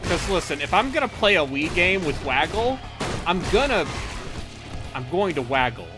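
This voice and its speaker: A man's voice: high voice, big pitch swings, moderate pace. A man chatting casually and playfully while streaming a game. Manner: joking, playful. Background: game music.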